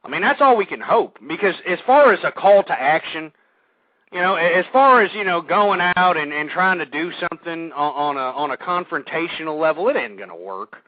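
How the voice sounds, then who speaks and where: A male talk radio host ranting through a monologue, swinging between shouting and weary sighs. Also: on the high side, expressive, a little fast, no echo. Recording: dry tinny phone-line audio.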